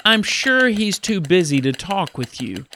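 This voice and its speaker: A man's voice: sits high, big pitch swings, measured pace, sharp tone, a little hiss or hum, exaggerated voice. A busy mother brushes off her child in a distracted, lifted voice, as a man puts her on. It's a storybook-style part in a kids' Bible podcast. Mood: dismissive.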